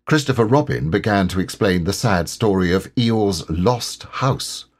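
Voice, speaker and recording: A man narrating a children's storybook audiobook in a slow, expressive way. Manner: slow, expressive, lively pitch.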